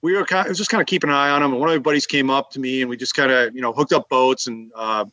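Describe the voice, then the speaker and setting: A male podcast guest telling stories in casual chat, animated and rambling, laughing as he goes. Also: mid-range voice, fast talker, no echo, highs cut off. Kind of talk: casual storytelling.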